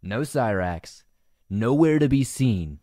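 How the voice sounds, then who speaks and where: Guy doing commentary on a clip, super animated pitch, swears a lot, laughs, dry close sound. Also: slow, no echo. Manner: incredulous, profane, laughs often. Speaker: commentary channel host. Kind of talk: reacting to and narrating an online clip.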